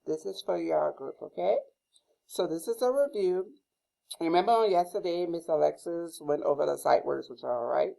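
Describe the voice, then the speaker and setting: A woman's voice: fairly low pitch, normal speed, vocal fry, mellow, low-quality recording. A woman teacher, leading a phonics lesson for young children and spelling out each word one letter at a time.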